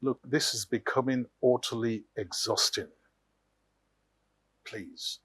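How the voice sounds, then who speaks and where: A man's voice: mid-range voice, fairly even intonation, slow, fairly bright tone, breathy edge, dry recording. A man playing a firm, exasperated father in a Nollywood film. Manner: exasperated, lecturing. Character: weary, firm middle-aged father. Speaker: actor.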